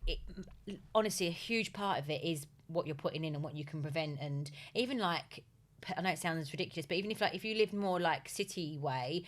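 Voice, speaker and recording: A young woman, co-hosting a podcast, telling stories in lively casual chat full of "like". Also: sits low, a little fast. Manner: animated storyteller, lots of fillers like "like". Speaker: podcast co-host.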